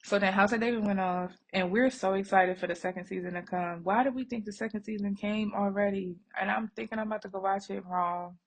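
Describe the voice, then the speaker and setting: A woman's voice: mid-range voice, fairly even intonation, a little fast, hardly any pauses. A woman vlogging at home while she braids her daughter's hair, chatting to viewers in a rambling, easygoing way and calling them y'all. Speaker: vlogger and mother. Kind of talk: casual chat to viewers. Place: home, working on a bed.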